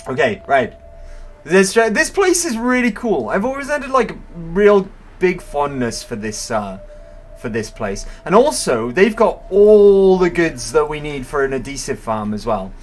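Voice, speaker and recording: A man's voice: a little high, big pitch swings, a little slow, faint music behind. A man casually commentating his own gameplay, chatty and playful, often correcting himself. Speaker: game streamer. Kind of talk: casual let's-play commentary.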